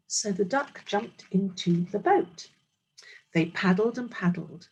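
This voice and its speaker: A woman's voice: medium pitch, expressive, takes it slowly, darkish tone, breathy edge, muffled recording. A woman teacher reading a storybook aloud to young children, explaining as she goes.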